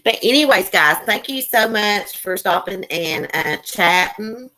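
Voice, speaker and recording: A woman's voice: mid-range voice, expressive, measured pace, bright, forceful tone. A woman hosting a casual live stream, chatting folksily with her guest and viewers. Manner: chatty, folksy, addresses chat viewers by name.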